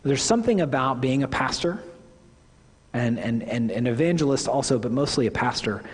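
A man's voice: mid-range voice, animated, moderate pace, husky. A lead pastor in his forties, giving an earnest, conversational sermon to his congregation and correcting himself as he goes. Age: 40s. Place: church sanctuary. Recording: long hall reverb.

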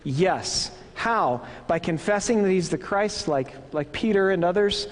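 Midwestern guy giving a sermon, earnest and chatty, bit of a high voice. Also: animated, unhurried. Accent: Midwestern American. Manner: earnest, conversational preaching with rhetorical questions. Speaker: pastor. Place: church hall. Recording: long reverb of a church hall.

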